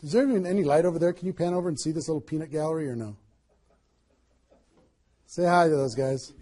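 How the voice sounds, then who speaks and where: With a quick pace and a voice on the high side, this man leads a motivational seminar as a network marketing trainer, full of energy and emphasis as he hurls rhetorical questions at the crowd.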